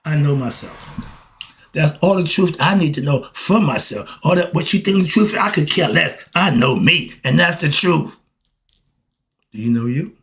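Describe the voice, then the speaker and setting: Emphatic man lecturing with lively pitch. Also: moderate pace. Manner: preachy, emphatic, answers own questions, bursts into shouting; coughs and clears throat. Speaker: street philosophy commentator. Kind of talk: solo monologue.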